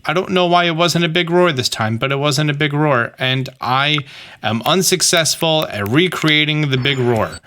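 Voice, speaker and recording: Bright-voiced man narrating a game walkthrough. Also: fairly high pitch, expressive, normal speed, slight background noise. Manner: exasperated, talks to the game character; instructive, repeats "okay?". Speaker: gaming guide host.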